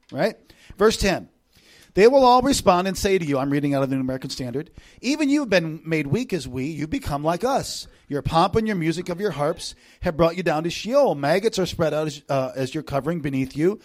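A middle-aged male preacher giving a sermon, reading scripture with emphatic swells and dropping into casual asides. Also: on the high side. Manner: casual asides with fillers like "you know" and "okay".

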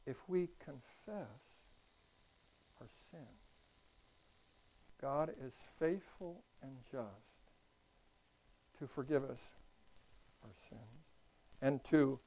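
Animated man preaching a sermon. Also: medium pitch, very slow, long pauses, low-quality recording. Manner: swings from hushed asides to loud animated bursts; conversational storytelling. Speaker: pastor.

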